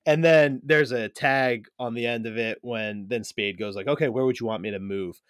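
A man's voice: medium pitch, normal speed, fairly bright tone, smooth, no room sound, studio quality. Laughing, enthusiastic podcast co-host man. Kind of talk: casual chat.

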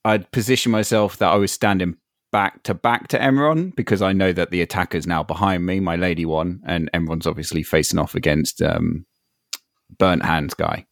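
A man's voice: low-pitched, steady tone, normal speed, gravelly, no room sound, clean studio sound. A man playing a tabletop game, describing his character's moves hesitantly with many fillers. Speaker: player.

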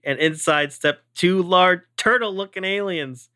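A man co-hosting a podcast who reads scene directions aloud in a relaxed way. His voice is bright, slow and dry. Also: high voice, no echo. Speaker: podcast co-host. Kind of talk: reading scene narration aloud.

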